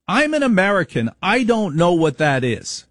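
A man putting on a high, indignant old grandmother. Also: big pitch swings, normal speed, fairly bright tone, no room sound, studio quality, exaggerated voice. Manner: indignant, emphatic denials. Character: elderly German-born grandmother, proudly insistent.

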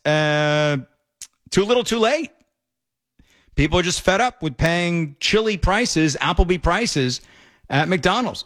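An opinionated male talk radio host with a notably high voice. He argues emphatically and piles up quick asides. He speaks to listeners in a direct commentary style. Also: fairly bright tone.

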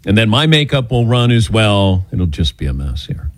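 A middle-aged man with a lowish voice hosts a call-in radio show, joking around and telling stories with his co-hosts in a lively, animated way. He speaks at a normal speed, and the casual chat is captured on a studio microphone with no echo.

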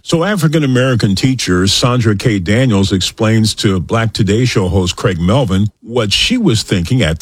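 A man anchoring a radio news segment in a measured newsreader delivery. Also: fairly low pitch, breathy edge, no echo.

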